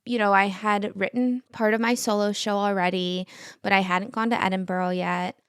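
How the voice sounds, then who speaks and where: A young adult woman guest on a podcast, talking in a chatty, animated way with lots of "like". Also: medium pitch, normal speed, clear, resonant tone, no room sound, clean studio sound. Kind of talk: casual conversation. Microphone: podcast mic.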